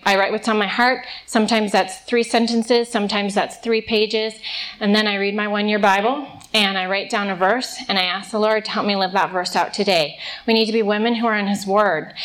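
A woman's voice: medium pitch, fairly bright tone, poor audio. A young adult woman speaking at a conference, giving a conversational faith talk full of personal stories and casual fillers. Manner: casual, storytelling, many "like" fillers.

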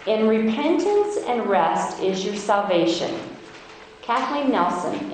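A middle-aged woman from Iowa giving a devotional Bible talk at a women's conference, speaking earnestly and slowing down to read verses. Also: fairly high pitch, sing-song. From Iowa, United States. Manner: earnest, emphatic, reads verses slowly; self-described feisty. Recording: very echoey hall, faint noise.

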